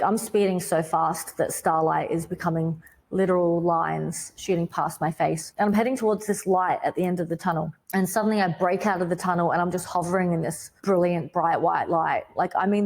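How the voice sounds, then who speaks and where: A woman with an Australian accent telling her personal faith testimony as a podcast guest, in a vivid, dramatic storytelling way with sudden loud bursts and lots of "like". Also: on the low side, steady tone, normal speed. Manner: vivid storytelling, says "like" a lot.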